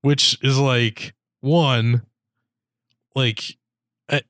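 Rambling casual man, smooth dry voice. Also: mid-range voice, steady tone, drawn-out words, fairly bright tone, no echo. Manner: rambling, heavy use of "like", mock quoting characters. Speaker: podcast co-host. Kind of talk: casual chat reviewing a movie.

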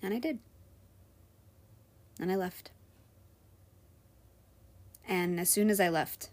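A woman who waits tables tells a frank personal story for her vlog, going from loud frustration to hushed quiet. She has a lowish voice, takes it slowly, and pauses often.

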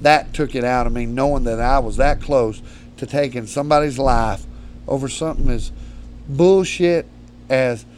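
Rough-spoken man spinning rambling stories. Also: mid-range voice, moderate pace, a little hiss or hum. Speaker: podcast guest, predator hunter. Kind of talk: casual storytelling. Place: studio.

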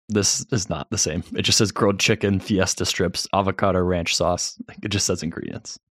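A man's voice: deep voice, steady tone, normal speed, fairly bright tone, dry recording, clean studio sound. A young man co-hosting a casual podcast, laid-back and teasing. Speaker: podcast co-host. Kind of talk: casual chat.

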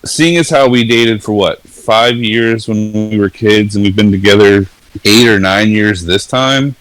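Man, 40s, low-pitched, earnest and rambling, dry close podcast mic. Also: unhurried, a bit bright, dry recording, low-quality recording. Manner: earnest, rambling, laughs easily. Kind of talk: casual candid conversation.

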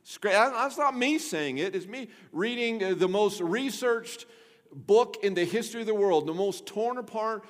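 A man delivering a sermon in a church sanctuary, his fairly high voice ringing out with a long echo from the hall. He preaches with energy, jumping from loud emphatic lines to quiet, hushed asides to the listeners. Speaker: pastor. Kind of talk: Easter sermon. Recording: long reverb of a large hall.

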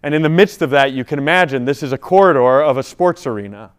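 A man's voice: mid-range voice, expressive, fast talker, clean tone. A man, a priest, telling a story and then preaching to a gathering of college students. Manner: storytelling, builds to preaching emphasis. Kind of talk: sermon.

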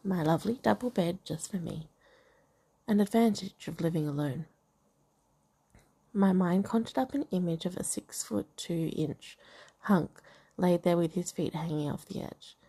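Brief: woman reading a romance novel aloud, gravelly, dark tone, chatty asides. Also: on the low side, unhurried, pauses often. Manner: reads dialogue and narration, breaks off to comment and laugh. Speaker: reader of a novel.

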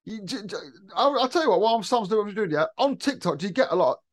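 English bloke, thirties, podcast co-host, bright and expressive storyteller, laughs a lot. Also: male voice, sits high, fast. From England. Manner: lively storyteller, swears, laughs often. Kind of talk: casual podcast chat.

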